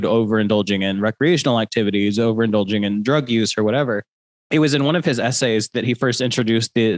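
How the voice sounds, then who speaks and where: A man whose nose is blocked up by allergies talks through psychology ideas in a relaxed, joking way. The sound is dry and close, with no room around it. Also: mid-range voice, no room sound. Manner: loose, joking, explains in plain terms. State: congested from allergies. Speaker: podcast co-host. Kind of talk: casual explanatory chat.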